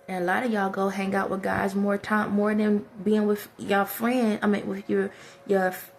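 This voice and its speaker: A woman's voice: mid-range voice, vocal fry, darkish tone, a little hiss or hum. Woman giving blunt life advice. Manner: direct, preachy, addresses listeners as y'all. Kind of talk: motivational talk to camera.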